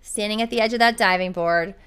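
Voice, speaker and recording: A woman hosts a casual podcast as a running coach. Her voice is smooth and clear, and her pitch sits in the middle. She talks in a chatty, upbeat, storytelling way. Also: a little fast, fairly bright tone.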